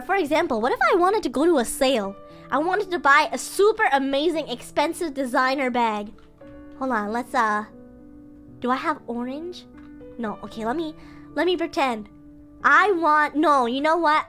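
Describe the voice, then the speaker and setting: A woman's voice: sits high, sharp tone. A woman streaming a playful Japanese vocabulary lesson, giggling often and acting out little scenes.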